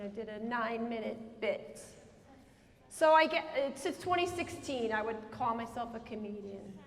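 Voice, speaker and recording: A woman comedian from Minnesota and Colorado, chatting with the audience and repeating their questions aloud. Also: sits high. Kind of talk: audience Q&A after a stand-up show. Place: prison hall with an audience. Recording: echoey hall with crowd.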